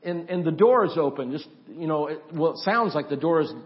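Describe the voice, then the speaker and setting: A man preaching a sermon, telling a childhood story with rising suspense, then softening to a quiet, gentle invitation. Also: fairly high pitch, expressive, brisk, dull audio. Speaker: pastor.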